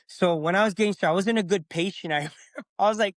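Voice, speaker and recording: Talking fast in a high-pitched voice, a middle-aged man shares his own story as a podcast guest. He stays animated and casual, reenacting what he said back then, with no room sound in the recording.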